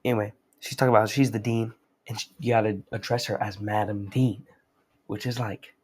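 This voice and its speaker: A man's voice: fairly low pitch, steady tone, a little fast, breathy edge. A young man recapping a story in a rambling, slangy, casual manner. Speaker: host.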